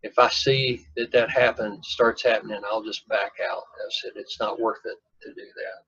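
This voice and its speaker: Speaking in a lowish, steady, forceful voice that's bright with a breathy edge, this man rambles through a long personal story with self-deprecating humor. He talks at normal speed, and the dull lo-fi recording has no room sound.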